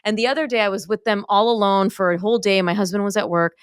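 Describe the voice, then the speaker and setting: A woman hosting a podcast, her voice smooth and resonant at a middle pitch. She chats casually and effusively, telling personal stories. The close mic gives a dry, intimate sound. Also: fairly even intonation, fast talker, no room sound. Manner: effusive, storytelling. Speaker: podcast host. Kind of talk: casual interview chat.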